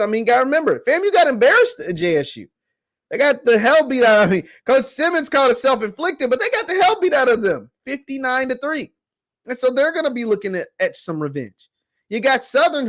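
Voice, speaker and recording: A man with a high voice hosts a casual sports talk show. He speaks emphatically and repeats phrases to drive his points home.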